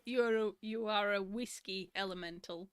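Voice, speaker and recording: A woman's voice: mid-range voice, normal speed, smooth, no room sound, clean studio sound. A woman co-hosting a casual live stream, teasing and laughing often.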